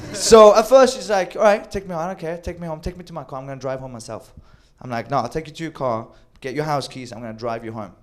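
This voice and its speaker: Animated male storyteller, slightly high voice. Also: quick pace. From Sweden. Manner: animated, acts out quoted lines, swears freely. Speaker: storyteller on a comedy show. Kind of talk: live comedic storytelling.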